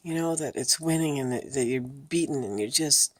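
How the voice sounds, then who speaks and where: A woman's voice: a bass voice, moderate pace. A woman vlogger talking candidly and emotionally, blunt and swearing freely, worn out and exhausted. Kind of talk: candid personal vlog.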